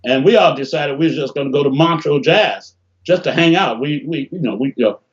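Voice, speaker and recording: An older man from Detroit telling animated stories in a casual interview over a video call, often acting out what people said. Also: a little high, a little fast. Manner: animated, laughing storyteller, acts out quotes. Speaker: interview guest, bassist. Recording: dull lo-fi call audio.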